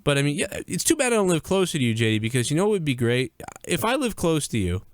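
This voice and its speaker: Lively, profane man cracking jokes. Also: a little high, fast talker, dry recording. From US Northeast. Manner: crude, profane, laughing banter. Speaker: podcast co-host. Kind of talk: live-streamed podcast banter.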